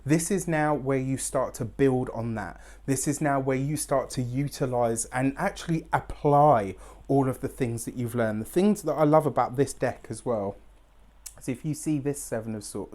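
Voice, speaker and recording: A man's voice: medium pitch, moderate pace, darkish tone. A man giving an effusive weekly tarot reading to camera, often checking in with "right?" and openly emotional. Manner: emotionally open, near tears at times. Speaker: tarot reader.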